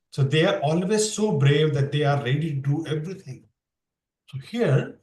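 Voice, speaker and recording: A man's voice: a little high, a little mellow, reverberant, poor audio. A man teaching a scripture class online, explaining verses and asking his students questions. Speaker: Bhakti yoga teacher.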